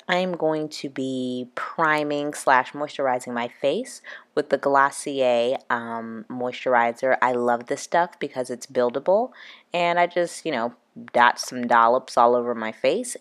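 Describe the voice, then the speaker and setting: A woman's voice: a bass voice, unhurried. A young woman with a stuffy, nasal voice from a cold, chatting casually through a makeup tutorial with lots of fillers. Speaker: beauty vlogger.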